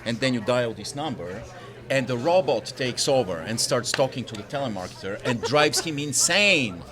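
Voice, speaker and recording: A man on a podcast panel, an animated storyteller who jokes and laughs often in casual chat. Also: medium pitch, moderate pace, a crowd in the background.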